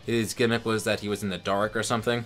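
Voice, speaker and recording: With soft music in the background, this co-commentator talks fast in a flat, lowish voice that's a bit bright. He's casual and chatty over the gameplay, frequently drifting off to look up trivia.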